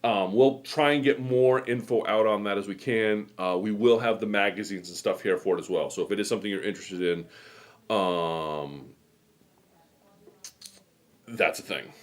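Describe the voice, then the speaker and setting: A low-voiced middle-aged man from New England rambles his way through a casual live show. He chats loosely and keeps drifting off into stories. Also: moderate pace. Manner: rambling, chatty storytelling. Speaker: host. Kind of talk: casual chat.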